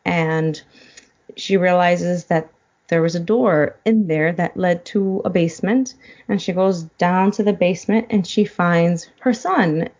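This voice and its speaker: A woman's voice: on the low side, a little slow, darkish tone, dull audio. A woman guest in a casual chat, retelling a film plot and getting choked up as she goes. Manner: emotional, choked up while retelling. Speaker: podcast guest.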